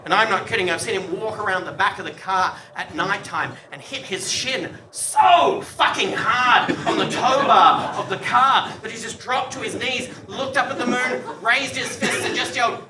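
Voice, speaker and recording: A man doing a stand-up routine, animated and swearing freely, with loud outbursts before a live audience. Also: high-pitched, normal speed, few pauses. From Australia. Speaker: stand-up comedian. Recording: echoey live venue from far off. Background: audience laughter and crowd noise.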